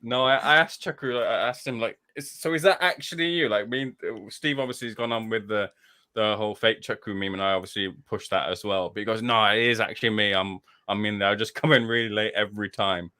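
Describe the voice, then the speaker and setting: A man guesting on a casual podcast, telling a story with energy. His voice sits low but rings bright and forward. He acts out the people he quotes and laughs often. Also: fairly even intonation, quick pace.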